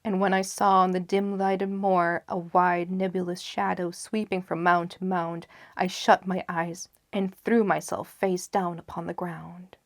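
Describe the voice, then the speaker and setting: A woman reading a gothic horror story aloud in a hushed, often half-whispered voice with slow, dramatic pacing. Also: lowish voice, little pitch movement, no room sound, clean studio sound. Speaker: audiobook narrator.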